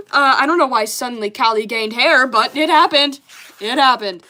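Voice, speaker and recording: A woman's voice: sits high, moderate pace, pushed and bright, slight background noise. A young woman in casual chat, bemused, swearing often and laughing at herself as she goes through old childhood drawings. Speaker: artist reviewing her childhood comics.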